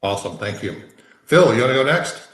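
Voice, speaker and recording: A man's voice: mid-range voice, a little fast, roomy sound. Chatty man moderating a video call. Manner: relaxed and chatty, with many fillers. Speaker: meeting moderator. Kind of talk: casual video-call meeting.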